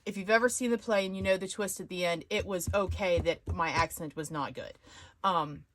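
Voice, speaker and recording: A woman hosting a casual live stream, chatting and rambling as she thinks out loud. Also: medium pitch, no echo. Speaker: live-stream host of a sewing channel.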